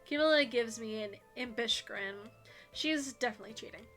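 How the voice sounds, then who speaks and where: A woman streamer reading a visual novel aloud on stream, with an animated, giggly manner and chatty asides to her audience. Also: fairly high pitch, a little fast, faint music behind.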